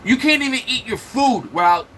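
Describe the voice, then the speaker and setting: A man's voice: very high voice, animated, normal speed, bright, forceful tone, a little hiss or hum, rough recording. A man hosting a livestream, trash-talking and mocking commenters in loose, joking banter. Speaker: livestream host. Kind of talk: mocking live-chat banter.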